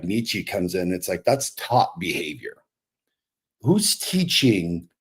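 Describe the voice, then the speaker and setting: A man's voice: deep voice, a little mellow. A man with an El Paso Mexican American accent, co-hosting a casual panel talk and thinking aloud with many fillers and restarts. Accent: El Paso Mexican American English. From El Paso, Texas. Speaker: podcast co-host.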